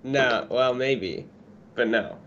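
A man's voice: medium pitch, slow pace, fairly bright tone, a little hiss or hum. A man co-hosting a podcast in casual chat, playful and laid-back, talking over a video call. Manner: playful, laid-back, says "bro" a lot. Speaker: podcast co-host. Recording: lo-fi online call audio.

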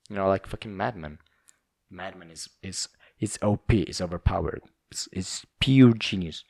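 Low gravelly guy ranting on his podcast, swears a lot, rambles, voice jumps all over. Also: darkish tone, dry recording, clean studio sound. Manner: profane, rambling, self-mocking. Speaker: podcast host. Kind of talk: casual podcast rant.

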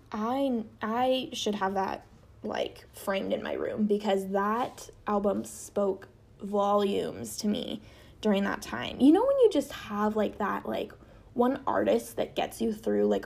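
A woman's voice: creaky, a little mellow. A young woman in her twenties hosting a podcast, telling a personal story in a chatty way, full of fillers, her voice jumping up whenever she quotes people. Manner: chatty, lots of fillers, voice jumps high when quoting. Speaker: podcast host. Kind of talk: casual storytelling.

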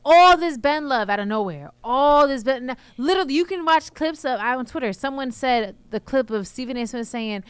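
A woman from co-hosting a casual sports podcast, talking in an animated way and often restarting her sentences. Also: sits high, normal speed, hardly any pauses, smooth, no echo. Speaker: podcast co-host.

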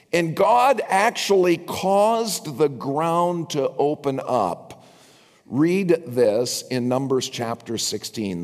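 An older man preaches as pastor in a medium-pitched, darkish voice, tossing wry asides to his congregation. A long reverb suggests a large hall.

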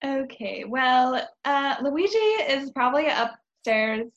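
A woman with a high, slow, playful voice, hesitating as she plays along in a sketch. The recording sounds somewhat muffled and lo-fi. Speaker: podcast co-host. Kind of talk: improv comedy.

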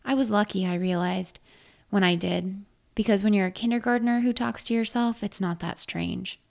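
A woman narrating a first-person story in a measured, reflective way. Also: medium pitch, fairly even intonation, vocal fry, darkish tone.

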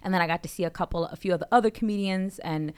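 A woman's voice: lowish voice, racing, darkish tone, clear, resonant tone. A woman hosting a comedy podcast, telling stories in an enthusiastic, chatty way. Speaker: podcast host. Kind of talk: casual chat.

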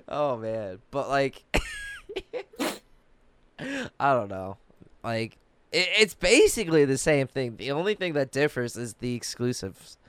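Lively, smooth-voiced chatty man. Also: mid-range voice, slow pace, pauses often. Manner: chatty, laughs often, many fillers. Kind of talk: casual chat.

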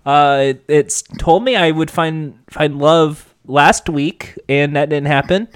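A man's voice: a little high, slow pace, clean tone. A man hosting a casual comedy podcast, joking goofily and stumbling over his words. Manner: goofy, joking, stumbling restarts. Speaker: podcast host.

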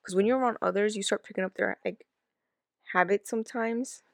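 A woman co-hosting a casual chat who rants in quick bursts and talks over her partner. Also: mid-range voice, creaky, no echo, clean studio sound. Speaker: podcast co-host.

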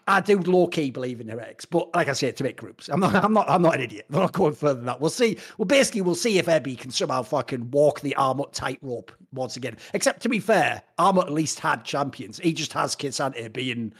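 Husky, animated British man. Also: on the high side, a little fast, hardly any pauses. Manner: profane, animated ranting. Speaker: esports co-host. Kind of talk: casual podcast chat.

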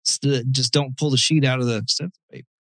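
A man's voice: medium pitch, quick pace, dry recording, poor audio. A man hosting a casual podcast chat, telling profane stories and acting out quotes from customers and coworkers. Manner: profane, animated storytelling with mimicked quotes. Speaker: podcast host, tattooer.

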